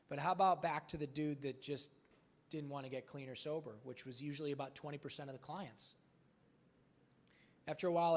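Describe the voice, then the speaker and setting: A man speaking as a motivational speaker at a live event, telling candid stories casually, swearing freely and acting out the dialogue. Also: a little high. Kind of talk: live storytelling talk.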